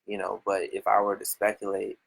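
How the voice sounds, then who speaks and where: Low gravelly man, hesitant guest. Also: monotone, a bit bright, low-quality recording. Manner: hesitant, measured, many fillers. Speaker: podcast guest. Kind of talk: casual podcast chat.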